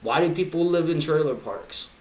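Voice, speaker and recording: A man's voice: on the high side, normal speed, a little mellow. A man vlogging a pondering monologue of rhetorical questions. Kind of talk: musing monologue. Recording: echoey room.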